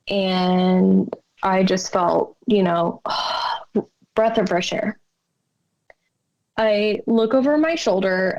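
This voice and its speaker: Podcast guest, woman, slow emotional storyteller, voices her own quotes, dull lo-fi sound. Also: mid-range voice, vocal fry, a little mellow. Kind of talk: personal story in a podcast interview.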